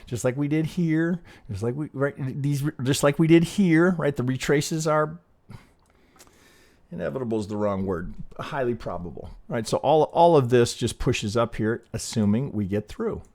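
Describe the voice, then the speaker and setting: A man's voice: medium pitch, expressive, normal speed, darkish tone. Rambling male trading host. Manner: rambling, frequent "right?" tags and restarts; blunt, swears casually. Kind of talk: casual chart analysis walkthrough.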